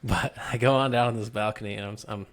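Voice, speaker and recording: A man's voice: lowish voice, steady tone, fast talker. A young man co-hosting a podcast, rambling through stories in casual chat and swearing often. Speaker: podcast co-host.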